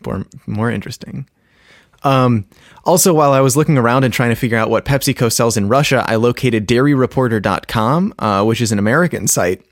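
A man's voice: medium pitch, a little fast, dry recording, clean studio sound. A man co-hosting a casual chat, rambling through explanations with many ums and restarts. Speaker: podcast co-host.

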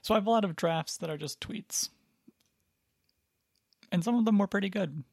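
Gravelly-voiced, rambling podcast co-host. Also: medium pitch, moderate pace, a little mellow, no room sound, clean studio sound. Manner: rambling, hedging, filler-heavy. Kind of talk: casual chat.

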